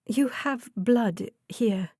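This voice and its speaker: A woman's voice: drawn-out words, dark tone, dry recording, studio quality. Woman voicing a shaky, frightened young woman. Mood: anxious. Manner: shaky, high, anxious.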